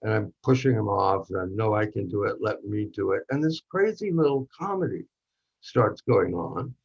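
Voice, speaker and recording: A man reading as a gravelly wistful narrator. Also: on the low side, expressive, normal speed, exaggerated voice. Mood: reflective. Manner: intimate, drops to hushed tones for tense moments. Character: wistful narrator recalling a charged night with a film actor. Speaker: actor in a workshop reading. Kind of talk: dramatic monologue reading. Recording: dull lo-fi recording.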